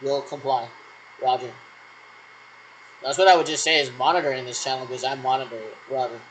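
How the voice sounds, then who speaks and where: A man with a brisk, fairly bright mid-range voice and fairly even intonation runs through pretend radio checks, rambling to callers who aren't there. The rough recording has a little hiss or hum, and he uses "actually" constantly in this solo vlog role-play.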